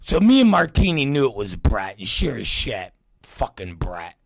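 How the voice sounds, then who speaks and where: This is a middle-aged man hosting his own show, his medium-pitched voice gravelly and his pace normal, with no echo. He tells a profane story with animation, voicing the people in it and cursing constantly.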